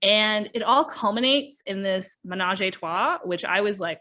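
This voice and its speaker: A woman's voice: medium pitch, normal speed, hardly any pauses, pushed and bright. A woman hosting a podcast, casually reviewing books and acting out the characters' lines as she retells the story. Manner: chatty, often acts out characters' lines. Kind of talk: casual book review chat.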